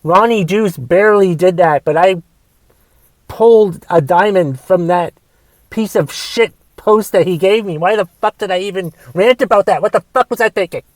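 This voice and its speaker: Comic host, young man, slightly high voice, foul-mouthed rants that flare loud then drop to mutters, dry close sound. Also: normal speed, no echo. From United States. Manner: profane, swings between shouting rants and mumbled asides. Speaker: podcast host and stand-up comedian. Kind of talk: comedic solo podcast rant.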